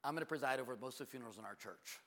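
Animated preacher in a reverberant hall. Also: male voice, rapid-fire. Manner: animated storytelling preacher, jumps to loud high exclamations. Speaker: pastor. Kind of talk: sermon.

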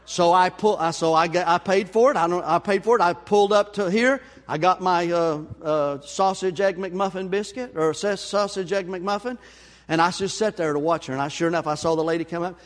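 A man preaching a sermon, telling a story with lively acted-out voices. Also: high voice, brisk. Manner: animated storyteller, acts out voices. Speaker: pastor. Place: church sanctuary. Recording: long hall reverb.

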